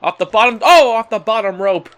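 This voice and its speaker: Commentating a wrestling video game, this young gamer is excitable and often laughs, addressing "ladies and gentlemen" as he goes. He has a high voice and speaks a little quickly.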